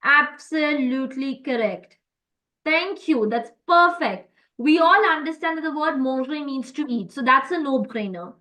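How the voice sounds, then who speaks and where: Woman teacher on a video call, high clear bright voice, lots of ums and super. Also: expressive, moderate pace, rough recording. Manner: encouraging, explains step by step, many fillers. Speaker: French teacher. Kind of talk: online class teaching.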